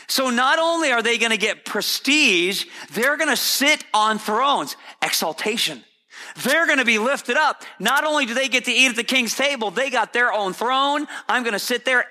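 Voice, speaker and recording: Bright-voiced preacher in a reverberant hall. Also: male voice, extremely high pitch. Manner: conversational, repetitive, with restarts. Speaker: pastor. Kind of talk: sermon.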